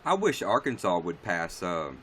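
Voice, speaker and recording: This man's voice is deep and low-pitched, a bit bright, with big pitch swings at a moderate pace. Chatting on a casual livestream, he answers incoming viewer comments, rambling bluntly and cursing freely while a faint hum of noise lingers behind him.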